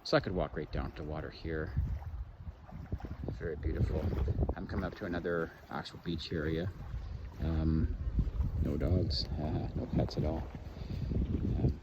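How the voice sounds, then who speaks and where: A very low-voiced man from Canada rambles casually about what he sees as he walks an outdoor lakeside trail. It is a dull, lo-fi handheld recording. Loud outdoor noise sits under his voice throughout. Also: fairly even intonation, a little slow. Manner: rambling, chatty, narrates what he sees while walking. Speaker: hiking vlogger. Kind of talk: casual walking commentary.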